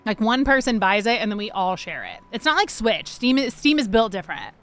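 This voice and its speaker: A woman streaming a video game, chatting to her viewers, swearing freely and reacting fast to the gameplay. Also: a little high, sing-song, fairly bright tone. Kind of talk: casual gameplay livestream chat.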